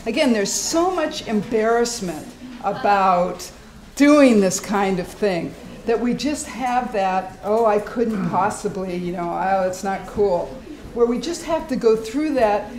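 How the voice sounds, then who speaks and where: A woman presenting a live workshop in a hospital meeting room, animated and demonstrative, acting out sounds and inner voices as she teaches. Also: on the high side. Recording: echoey room, faint background noise.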